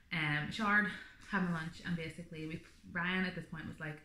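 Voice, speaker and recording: A woman's voice: lowish voice, fairly even intonation, moderate pace, sharp tone, reverberant, a little hiss or hum. A woman vlogger telling her birth story in a chatty, rambling way, full of fillers. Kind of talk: casual birth story vlog.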